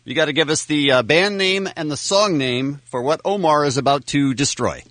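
A man's voice: a little high, a bit bright, no echo. A man hosting a call-in game on a morning radio show, upbeat and teasing. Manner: upbeat, teasing, quick to laugh. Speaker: radio host.

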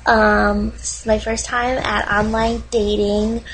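A young woman playing a nervous, overemotional cat lover recording a dating video, halting and tearful with many ums. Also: mid-range voice, flat delivery, slight background noise, poor audio. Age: young adult. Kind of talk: comedic online video acting.

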